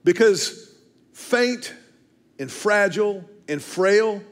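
High-voiced pastor preaching. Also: male voice, animated. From Texas, USA. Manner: earnest and self-deprecating, stammers on restarts, slows for emphasis. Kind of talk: storytelling sermon.

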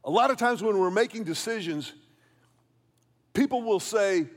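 A middle-aged man delivers a sermon with earnest conviction. His voice sits slightly high for a man, and he often doubles back on a word as he builds a point for the room. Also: lively intonation, moderate pace. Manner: earnest, repeats words when stressing a point. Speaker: pastor. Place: church hall with an audience.

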